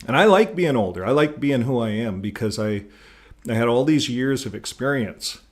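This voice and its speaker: Older man from Canada hosting his channel, rambling chat to camera with repeated words and chuckles, mid-pitched voice. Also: expressive, moderate pace. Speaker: YouTube channel host. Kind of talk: casual talk to camera.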